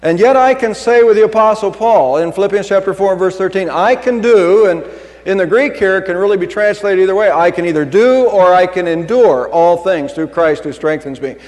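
A man's voice: high-pitched, a little fast, darkish tone. A middle-aged male pastor preaching a sermon in an earnest, conversational way. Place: church. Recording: long hall reverb.

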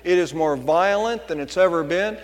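A male pastor delivers a sermon in a notably high voice, hammering his points with repeated phrases. His words ring out with a long reverberant tail from the church sanctuary around him. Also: moderate pace. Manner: preaching with emphatic repetition.

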